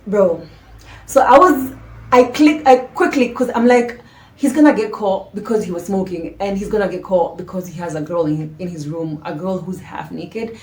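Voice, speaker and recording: A woman vlogger tells a storytime tale to camera, casual and slangy, dramatic and animated, sometimes dropping into hushed asides. Her voice is mid-range at a moderate pace, and the recording has a roomy echo.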